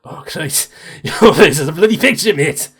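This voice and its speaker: A hearty male dwarf, voiced by a game master, shouts in a raised, bright pitch. He is loud and excitable and sounds like a tabletop-game character. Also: normal speed, slightly rough, full character voice. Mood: shocked.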